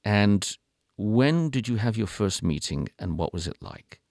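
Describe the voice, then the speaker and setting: A man hosting an interview, asking questions with an expressive, preacherly lilt. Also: on the low side, a little slow, gravelly. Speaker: interviewer host.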